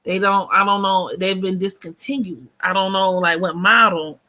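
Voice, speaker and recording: A woman's voice: medium pitch, steady tone, moderate pace, pushed and bright. An American woman in her thirties hosting a casual livestream chat, blunt, slangy and joking as she talks. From United States. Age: 30s. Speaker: host.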